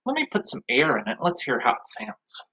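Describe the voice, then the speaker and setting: A man's voice: fairly high pitch, huge pitch swings, brisk, pushed and bright, rough recording. A man teaching an online music class to young children, talking cheerfully and singing along with a ukulele.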